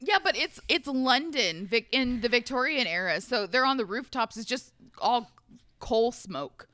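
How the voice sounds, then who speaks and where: A woman reacts to a book with friends in a casual chat, swearing and putting on quick voices. Her voice is high and bright, and it swings widely but moves slowly. The sound is dry and close. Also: no echo. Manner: expressive, swears, reacts loudly. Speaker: book club podcast co-host.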